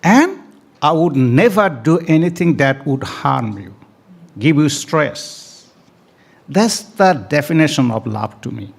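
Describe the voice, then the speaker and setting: A man's voice: on the high side, vocal fry. A man giving an emphatic speech to an audience at a community event, repeating key phrases and stretching words for stress. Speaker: speaker at a family day event. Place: event hall.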